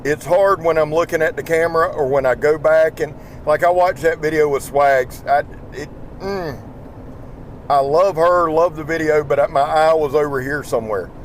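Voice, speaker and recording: A man with a slightly high voice talks at a moderate pace in a casual vlog from behind the wheel of his pickup. He's a tired YouTube knife channel host with a Southern accent, rambling, folksy and quick to swear, recorded on a small in-truck mic carrying a little hiss or hum.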